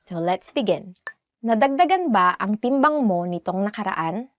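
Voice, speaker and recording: A young woman with a Filipino accent hosting a casual language lesson, chatty and laughing often, repeating phrases slowly. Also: mid-range voice, big pitch swings, no echo, clean studio sound. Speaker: language teacher host.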